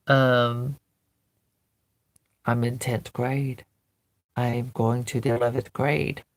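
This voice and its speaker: A woman's voice: a bass voice, level tone, drawn-out words, pauses often. A woman vlogger earnestly recounting a painful memory, telling it in vivid present tense. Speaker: doll collector vlogger. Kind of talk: personal storytelling to camera.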